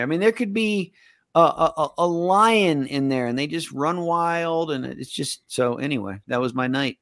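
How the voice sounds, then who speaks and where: A man's voice: on the high side, moderate pace, a bit bright, no room sound, studio quality. A middle-aged man co-hosting a sports betting podcast, talking in a blunt, rambling way and swearing freely. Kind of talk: casual chat.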